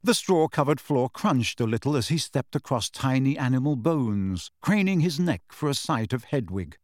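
This is a man's audiobook narration, delivered in a steady, measured storytelling voice of middling pitch. It's a dry recording with clean studio sound.

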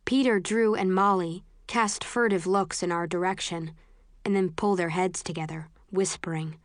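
A woman reading a first-person audiobook in a measured, low-key way. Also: steady tone, dry recording, studio quality. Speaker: audiobook narrator.

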